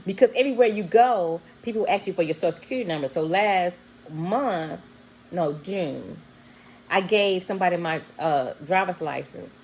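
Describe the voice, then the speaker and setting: Speaking at a normal pace in a lowish voice, a woman vlogger casually recounts a lengthy story from her life, animatedly voicing the characters, whose quotes contain bleeped words. Slight background noise and poor audio quality come through.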